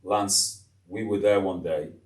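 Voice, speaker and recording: A man's voice: low-pitched, takes it slowly. A man in his sixties, a retired teacher being interviewed, telling stories bluntly and acting out the people in them. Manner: blunt, animated, acts out quoted people. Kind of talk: casual interview storytelling. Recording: roomy, mic at a distance.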